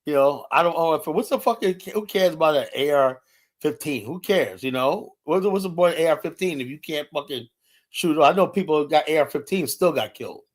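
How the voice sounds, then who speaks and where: A man's voice: a little high, fairly quick. Man, live streamer, confrontational and profane, casual heated talk with filler-heavy delivery. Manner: fillers like "you know" throughout.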